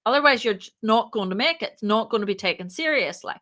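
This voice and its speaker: A woman founder talks on a podcast with a bright, clear, somewhat high voice. She tells her story casually and with energy, and slips into the voices of the people in it. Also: quick pace. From moved to Ireland. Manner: lively, acts out quoted dialogue. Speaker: podcast guest, startup founder.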